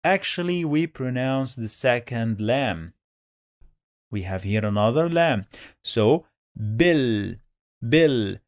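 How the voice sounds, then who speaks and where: A man's voice: medium pitch, animated, takes it slowly, dry recording, clean studio sound. A man teaching Quran reading in a step-by-step lesson, patiently repeating each sound many times. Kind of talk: slow step-by-step language lesson.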